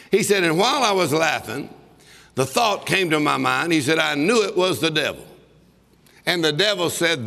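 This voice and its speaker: A man's voice: fairly high pitch, expressive, moderate pace, creaky, sharp tone. A man preaching a sermon, telling a story and breaking into bursts of laughter as he exhorts. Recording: long reverb of a large hall.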